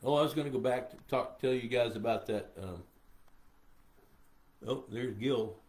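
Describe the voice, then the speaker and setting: A man's voice: medium pitch, moderate pace, a little mellow. Older guy on a livestream, sleepy, rambly, reads out questions. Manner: rambling, reads viewer questions aloud, easily sidetracked. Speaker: pond management expert hosting a live Q&A. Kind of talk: casual live-stream Q&A.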